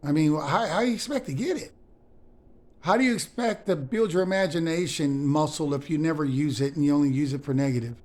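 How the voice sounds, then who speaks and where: A man's voice: a little high, fairly quick, darkish tone. A man talking straight to his viewers in an emphatic, preachy motivational monologue, often calling them guys. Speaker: motivational speaker.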